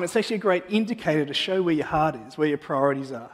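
A man preaching a sermon in a church, praying and then telling a personal story in a casual, animated way with self-deprecating humor. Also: high voice, quick pace, long reverb tail. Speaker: pastor. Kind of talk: sermon with prayer and personal anecdote.

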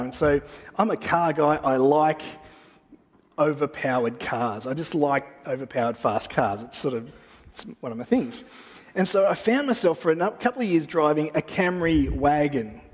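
A man preaching a sermon in a church, praying and then telling a personal story in a casual, animated way with self-deprecating humor. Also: on the high side, big-room sound. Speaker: pastor. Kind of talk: sermon with prayer and personal anecdote.

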